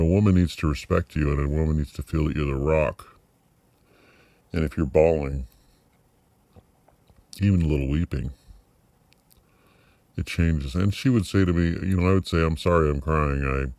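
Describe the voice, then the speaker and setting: A middle-aged man talking through a personal video diary, reflective and halting, with many fillers and restarts. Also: very deep voice, darkish tone, no echo. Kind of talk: personal vlog monologue.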